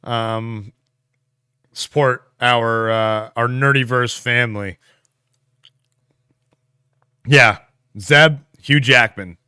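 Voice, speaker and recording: Man, casual livestream chat, bright and clear voice, unhurried, muses aloud with fillers. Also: mid-range voice, dry recording, studio quality. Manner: relaxed, musing aloud with fillers and laughs. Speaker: livestream co-host.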